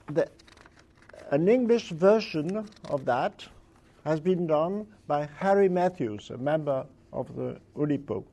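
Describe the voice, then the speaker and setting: A man reading examples of literary wordplay aloud to an audience, with a playful and deliberate delivery. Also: a little high, warm tone. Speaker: speaker presenting literary wordplay.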